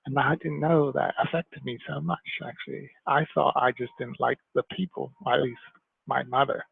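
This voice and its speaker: Man from Jamaica, interview guest, animated storyteller, very gravelly voice, dry tinny phone-like sound. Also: medium pitch, moderate pace, no echo.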